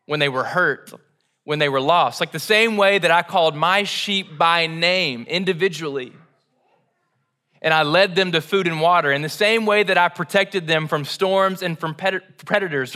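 A male pastor preaching a sermon in an animated, conversational storytelling way. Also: high voice.

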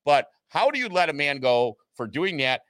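A man's voice: a little high, big pitch swings, normal speed, fairly bright tone, no echo. A man co-hosting a casual sports and trading card podcast, ranting and joking. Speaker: podcast co-host.

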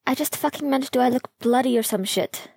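A woman's voice: high voice, a little fast, vocal fry, darkish tone, husky, pitched above the performer's own voice, exaggerated voice. A woman voicing a blunt, tough young male hockey goalie who swears casually. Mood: gruff. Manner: swears casually, shrugs off pain.

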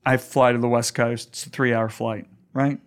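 A middle-aged man, a pastor, telling a story earnestly in a conversation, his voice climbing high when stirred. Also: flat delivery, moderate pace.

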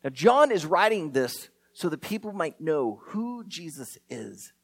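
Preacher, sermon, chatty and animated, pitch rises and falls a lot, rhetorical questions. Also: unhurried. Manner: conversational, asks rhetorical questions, uses playful asides.

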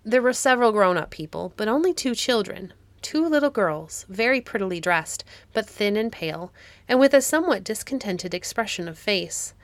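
A woman narrating a classic fairy-tale audiobook in a measured storytelling manner. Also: medium pitch, animated, no room sound.

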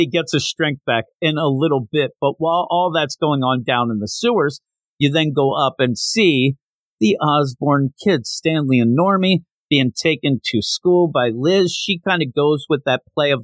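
Guy on a comics podcast recapping an issue, chatty and animated, does quick voices for the characters, dry close mic. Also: fairly high pitch, dry recording. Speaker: podcast host. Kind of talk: casual comic book recap.

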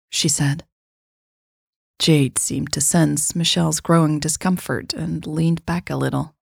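A woman narrating a story in a measured, even reading. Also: low voice, vocal fry, husky, no echo, clean studio sound.

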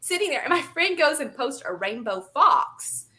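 Bright, lively woman telling funny stories. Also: high voice, normal speed. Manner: laughing, animated, acts out quoted people. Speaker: guest, animal photographer. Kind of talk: casual conversational storytelling.

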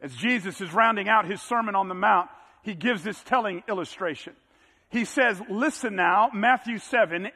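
A man's voice: high-pitched, pushed and bright, in a large hall. A male pastor preaching a sermon, building to emphatic peaks as he drives his points home.

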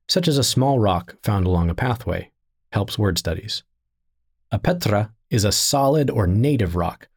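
A man giving a scripted teaching narration in a measured, deliberate reading style. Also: lowish voice, gravelly, husky.

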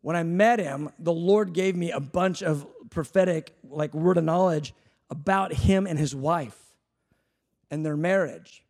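A male preacher with a high, gravelly voice delivers a fervent sermon. He surges into shouted appeals, then drops to a hushed, chatty, self-deprecating storytelling tone. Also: unhurried. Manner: conversational, self-deprecating anecdotes.

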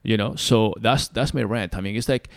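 A man venting in a loose, rambling rant, dropping curses as he goes. His voice sits on the low side. The sound is dry, with no room around it. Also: normal speed, creaky, no echo. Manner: ranting, rambling, profane. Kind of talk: casual podcast chat.

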